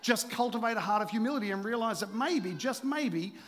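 A man preaching a sermon as pastor, joking with the congregation and sometimes dropping to a hushed voice for emphasis. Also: high-pitched, lively intonation, a little fast, long reverb tail. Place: church auditorium.

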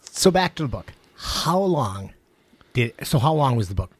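A man's voice: mid-range voice, big pitch swings, unhurried, breathy edge. A man co-hosting a podcast in casual chat, loose and casually swearing.

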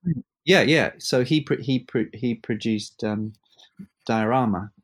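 Man musician rambling thru studio stories, lots of restarts, animated, ordinary mid voice. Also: mid-range voice, husky. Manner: halting, many restarts, animated storyteller. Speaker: musician guest. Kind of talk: casual interview chat.

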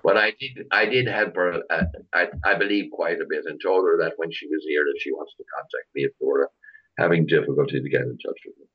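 An extremely low, slightly rough voice comes quickly through dull audio from a middle-aged Irishman. He's a chauffeur tour operator chatting as an interview guest, spinning rambling tales and often restarting.

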